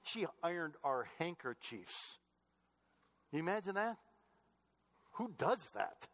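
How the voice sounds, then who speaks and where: A middle-aged male pastor preaching with earnest storytelling. His voice sits a little high for a man, and he swings from loud, emphatic lines down to soft, low asides. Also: sing-song, takes it slowly. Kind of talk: sermon.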